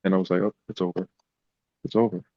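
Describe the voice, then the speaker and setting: A man's voice: sits low, fast, dry recording, muffled recording. A man, a podcast guest, telling personal stories in a casual, emotional way. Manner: emotional, animated retelling. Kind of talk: casual storytelling.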